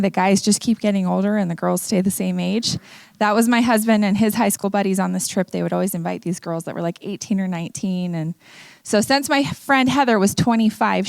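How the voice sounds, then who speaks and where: Middle-aged woman telling her own story at an event, candid and earnest, bit of vocal fry, dry close sound. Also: medium pitch, darkish tone, no echo. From Utah, USA. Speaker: speaker. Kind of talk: personal testimony talk. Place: event venue.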